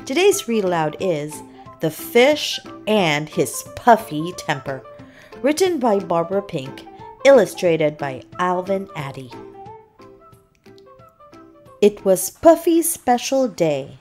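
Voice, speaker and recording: Slow, expressive woman reading a storybook. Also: lowish voice, soft background music. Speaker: storybook reader. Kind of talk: children's read-aloud narration.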